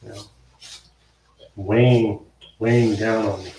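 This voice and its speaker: A man's voice: lowish voice, fairly even intonation, moderate pace, pauses often, a little mellow, slight background noise. A man teaching yoga, talking to the camera in an unscripted, rambling way, correcting himself as he goes and dropping in casual slang. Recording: very echoey room, voice from a distance.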